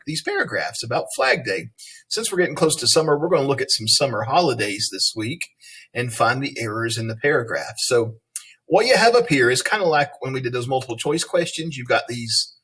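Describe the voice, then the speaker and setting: Male teacher with a slightly raspy voice; patient and plain, walks a class through its spelling list. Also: medium pitch, fairly bright tone. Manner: patient, talks students through word lists. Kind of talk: online reading lesson.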